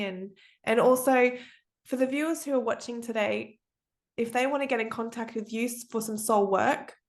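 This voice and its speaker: A woman hosting a podcast, speaking earnestly and upbeat in a casual interview. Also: a little high. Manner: earnest, upbeat, uses fillers. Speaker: podcast host.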